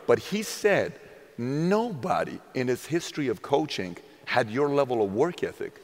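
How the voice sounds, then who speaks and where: A man interviews his guest with a fan's enthusiasm and now and then drops a sarcastic aside. His voice sits at a middling pitch. A long reverb hangs on every word, like a large hall. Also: normal speed. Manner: animated fan, sarcastic asides. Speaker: interview host. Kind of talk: casual interview chat.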